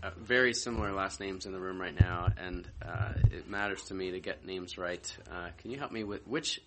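Man, committee chair; somewhat low voice, polite and stammering; noisy room recording. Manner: halting, polite, repeats words. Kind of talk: chairing a hearing.

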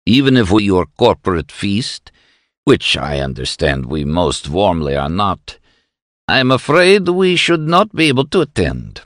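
A man voicing a calm, dignified elderly rabbi who speaks with courteous, soft irony. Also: low-pitched, a little slow, dry recording, clean studio sound, full character voice. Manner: calm, courteous, softly ironic.

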